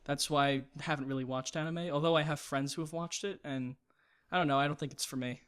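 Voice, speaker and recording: Opinionated man in lively podcast chat. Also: a little high, fast, smooth. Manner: animated, opinionated, laughs mid-sentence. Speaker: podcast co-host.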